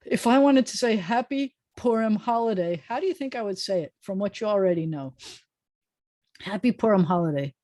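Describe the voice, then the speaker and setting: Woman rabbi, casual online Hebrew teacher; chatty and animated, slows down to spell out words, on a video call. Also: mid-range voice. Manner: chatty, animated, drawn-out slow pronunciations of words. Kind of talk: casual online language lesson. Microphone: computer mic on a video call.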